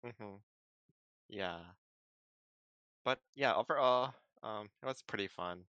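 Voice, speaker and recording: A man chatting casually on a podcast, his voice bright and crisp, a touch low in pitch. He explains things in a relaxed way, full of ums and likes. The sound is dry and close. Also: takes it slowly, no room sound, highs cut off. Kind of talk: casual chat.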